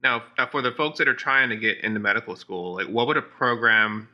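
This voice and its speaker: A man's voice: medium pitch, a little fast. A man hosting a podcast interview, talking in a casual, supportive way. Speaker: podcast host. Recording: dull lo-fi audio.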